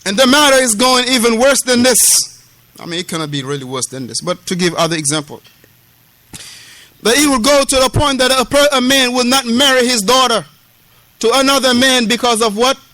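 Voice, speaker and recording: Pushed, bright and very high, this man's voice moves a little fast and stays animated, with no room sound in the recording. Teaching a classical text in a mosque, the West African lecturer repeats key phrases emphatically, blends street slang with Arabic terms, and performs the quoted dialogue.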